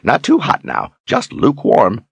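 A man voicing an eccentric old male wizard, gruff and commanding, who bellows his orders. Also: mid-range voice, huge pitch swings, a little slow, dry recording, voice pushed up, heavily acted.

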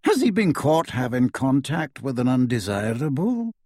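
A man's voice: medium pitch, big pitch swings, moderate pace, a little mellow, no echo, clean studio sound. A man voicing a pompous, zealous older male government minister who talks in a clipped, self-important way.

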